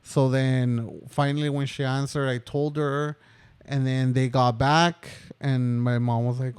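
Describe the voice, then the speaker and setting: A man's voice: mid-range voice, little pitch movement, a little slow, a little mellow, smooth, dry recording. A young man in his twenties, co-hosting a podcast, telling a personal story in a casual, rambling way with many fillers. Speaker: podcast co-host.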